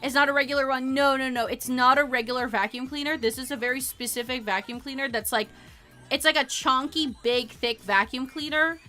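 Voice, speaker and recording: High, bright-voiced young woman streamer. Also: fairly quick, soft background music. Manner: animated, rambling storytelling with frequent laughs. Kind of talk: casual livestream chat.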